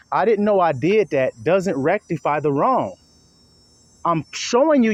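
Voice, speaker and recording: A man's voice: on the high side, sing-song, unhurried, no echo, muffled recording. A man preaching an informal sermon, blunt and profane, acting out quarrels in other voices.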